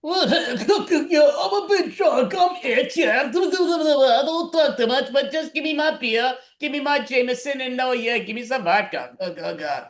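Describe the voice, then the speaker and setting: A woman's voice: high-pitched, animated, a little slow, hardly any pauses, echoey room. A woman doing a giggly tipsy barfly. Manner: giggly, slurred demands. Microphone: video call.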